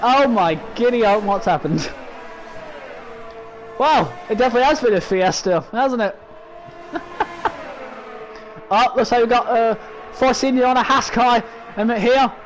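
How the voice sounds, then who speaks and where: Excitable high-voiced young British man. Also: unhurried, pauses often, soft background music, poor audio. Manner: excitable, exclaiming, laughing at crashes. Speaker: race commentator. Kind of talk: sim racing commentary.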